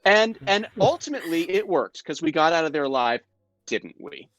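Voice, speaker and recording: With a fairly high pitch and normal speed, a male guest actor chats casually on a live video call from his home. He tells behind-the-scenes stories as an animated storyteller, full of playful mock indignation in his own defense. There's no echo, just faint music behind him.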